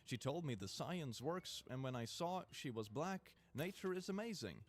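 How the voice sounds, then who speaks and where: A man's voice: medium pitch, expressive, unhurried, soft background music. A young man streaming, casually joking as he reacts to clips and reads posts aloud.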